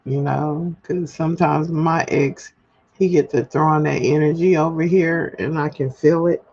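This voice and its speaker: This livestream host speaks in a deep, darkish voice as she talks openly and chattily to her audience, often laughing at herself. She's streaming solo from home, and the lo-fi sound comes through dull.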